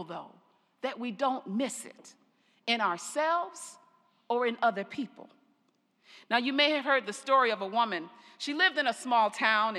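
An older woman pastor preaching a sermon, telling stories slowly and deliberately, her phrase endings trailing off softly. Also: on the high side. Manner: slow, deliberate storytelling with soft trailing endings. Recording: long reverb of a large hall.

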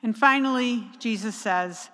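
Slow, bright-voiced woman preaching in a reverberant church. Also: fairly high pitch. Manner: slow and emphatic, with measured pauses. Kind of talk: sermon.

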